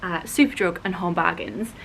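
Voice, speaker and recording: A woman's voice: lowish voice, moderate pace, creaky, fairly bright tone, slight background noise. A young woman, heavily pregnant, chatting casually and gushing in a vlog, with the odd swear. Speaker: vlogger.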